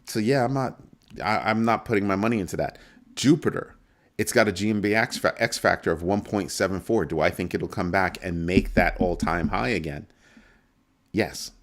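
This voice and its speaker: A man hosting a casual live-stream crypto show, talking through numbers with animated swings between calm and mock panic. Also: low-pitched, moderate pace.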